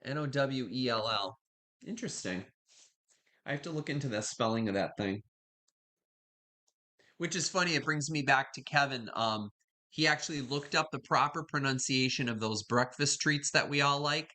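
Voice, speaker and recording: A woman's voice: very deep voice, normal speed, sharp tone. A woman hosting a live stream from home, chatting casually with viewers and greeting them by name. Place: home kitchen.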